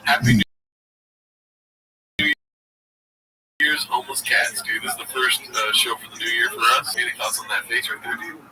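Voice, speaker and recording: A man hosting a podcast in relaxed casual chat, often saying "dude". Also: medium pitch, normal speed, long pauses, distant mic, faint music behind, poor audio. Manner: relaxed, says "dude" a lot. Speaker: podcast host.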